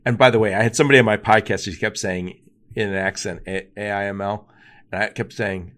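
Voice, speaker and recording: Male podcast host, lowish voice, emphatic and animated delivery. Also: brisk. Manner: animated, emphatic, talks in quoted asides. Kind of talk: conversational interview.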